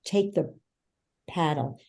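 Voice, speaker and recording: A woman guest on an interview podcast, a coach who explains her ideas through animated, emphatic stories. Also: low-pitched, slow, vocal fry. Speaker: guest, belief-change coach. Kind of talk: conversational interview.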